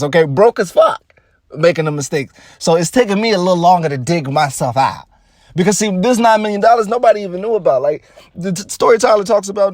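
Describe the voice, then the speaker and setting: A man's voice: sits high, darkish tone, no echo, studio quality. Chatty man riffing with laughter. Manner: loose and chatty, laughs often, repeats himself, swears. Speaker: vlogger commenting on celebrity news. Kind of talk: casual rambling commentary.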